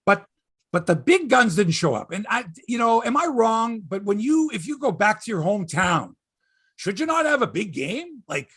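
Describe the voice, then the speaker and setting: A man's voice: high voice, sing-song, normal speed, fairly bright tone, husky. A middle-aged Canadian man hosting a sports podcast, chatting casually in a rambling, profane, wry way. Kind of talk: casual chat.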